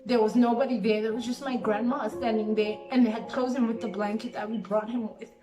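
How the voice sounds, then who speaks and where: A young woman in her late twenties recounts a loss in a reflective, grieving storytime monologue. Her voice sits a little high and is caught from a distance in a roomy space. Soft music plays underneath. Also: fairly even intonation, fairly quick. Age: late 20s. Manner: reflective, heavy use of "like", grieving. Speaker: vlogger. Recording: roomy sound from a distant mic with background music.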